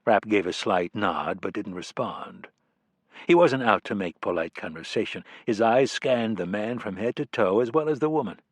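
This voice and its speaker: A male audiobook narrator reads in a low, measured voice and slows down on key details. The recording is dry and close-miked, with no room sound at all. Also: lively intonation, breathy edge, no echo. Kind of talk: scripted narration.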